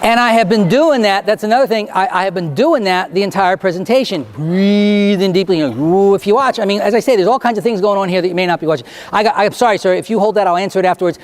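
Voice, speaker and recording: A man speaking as a stage hypnotist, answering student questions and giving slow, deliberate hypnotic suggestions in a school auditorium. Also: sits high. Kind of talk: Q&A talk and hypnotic induction to students.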